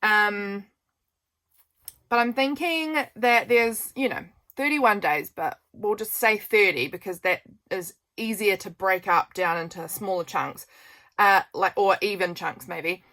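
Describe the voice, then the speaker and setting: A woman's voice: medium pitch, measured pace, bright, forceful tone. Chatty New woman crafting. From New Zealand. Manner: chatty, self-deprecating, thinks aloud. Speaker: crafting channel host. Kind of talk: casual crafting chat.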